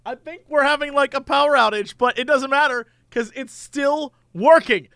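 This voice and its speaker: High, bright-voiced man hosting a podcast. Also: no room sound, clean studio sound. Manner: quick, wry, teasing. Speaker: podcast host. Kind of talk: casual comedy podcast banter.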